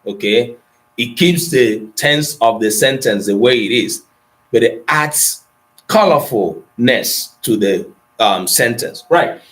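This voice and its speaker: A man's voice: medium pitch, expressive, a bit bright. A man teaching an Igbo grammar lesson to an online class, addressing students by name and moving between English, Igbo and Pidgin. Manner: slow and deliberate, with pauses and repetitions.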